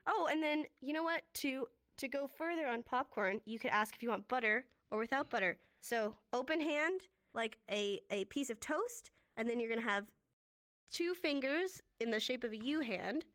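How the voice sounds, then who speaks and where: A woman leads a relaxed sign language lesson in a virtual classroom, her voice sitting fairly high. She sounds dry and close to the mic, upbeat and chatty, laughing often as she explains hand shapes. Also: dry recording. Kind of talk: casual classroom instruction.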